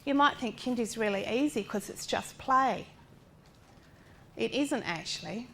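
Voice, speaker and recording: A woman's voice: fairly high pitch, a little slow, vocal fry, slight background noise. A middle-aged woman gives a lecture talk as a parent of a child with a disability. She speaks directly, asks rhetorical questions and acts out what other people said. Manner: animated, acting out other people's lines. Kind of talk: lecture talk drawn from personal experience.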